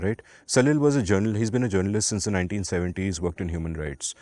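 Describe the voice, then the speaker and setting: A man co-hosting a podcast, telling stories in an animated, emphatic way and swearing now and then for emphasis. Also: low voice, no room sound. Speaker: podcast co-host. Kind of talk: casual conversational storytelling.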